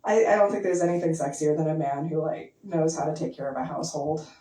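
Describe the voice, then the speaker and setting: A young woman doing a stand-up set in a basement club, talking casually and deadpan, full of likes and ums. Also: deep voice, fast. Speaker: stand-up comedian. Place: basement comedy venue with audience. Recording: echoey basement, mic heard from a distance.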